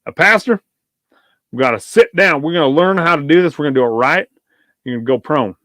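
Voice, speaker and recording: A man voicing a gruff, profane old male Korean War veteran who barks shooting orders like a drill sergeant. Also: fairly high pitch, animated, brisk, fairly bright tone, dry recording, pitched above the performer's own voice. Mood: commanding.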